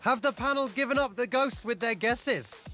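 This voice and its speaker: Upbeat male show host, high voice, loud music and cheering crowd behind. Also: normal speed. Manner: laughing, bubbly. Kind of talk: TV game show hosting. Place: TV studio.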